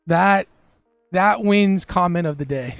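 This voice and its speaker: A man's voice: high-pitched, slow, vocal fry, no room sound, faint music behind. A young man who trades live on a stream, chatting casually with his chat and laughing often.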